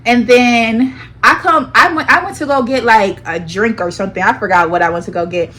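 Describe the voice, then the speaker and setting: Young female vlogger, slightly high voice, casual and animated, talks straight to viewers. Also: brisk. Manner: animated, dramatic, slang-heavy, addresses viewers as y'all. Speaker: storytime vlogger. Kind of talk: casual storytelling.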